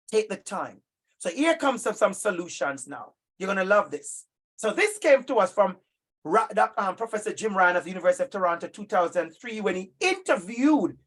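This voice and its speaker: A man from Jamaica with a Jamaican accent, giving an emphatic, lively professional-development talk to teachers and addressing them directly. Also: high voice. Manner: emphatic and animated, addressing listeners directly by name. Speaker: workshop presenter for teachers.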